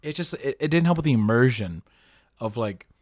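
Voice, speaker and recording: A man hosting a casual podcast, telling a story in a rambling, animated way with lots of fillers and swearing. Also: mid-range voice, brisk, dry recording, clean studio sound. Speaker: podcast host. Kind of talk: casual chat.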